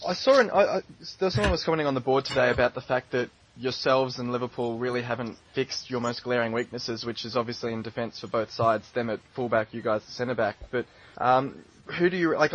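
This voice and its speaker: Male podcast host, casual and chatty, quick to laugh, mid-pitched voice on a dull, lo-fi recording. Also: steady tone, background noise. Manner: chatty, laughs easily, asks rambling questions. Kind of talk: casual football podcast chat.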